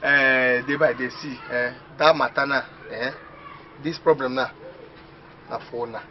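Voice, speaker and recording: An actor playing an excitable, boastful young village man who talks in Nigerian Pidgin English. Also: mid-range voice, measured pace, close to an everyday voice. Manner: boastful, excitable, laughing often. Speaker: villager dreaming of going to the city. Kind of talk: comedy film acting. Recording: muffled film audio with faint hiss.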